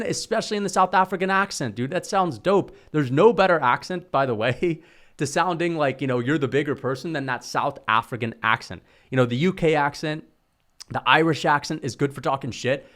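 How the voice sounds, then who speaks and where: A young man giving heated, opinionated solo commentary on fighters, full of slang and swearing. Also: mid-range voice. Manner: heated, slangy, swears, says bro and dude. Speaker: MMA commentary youtuber.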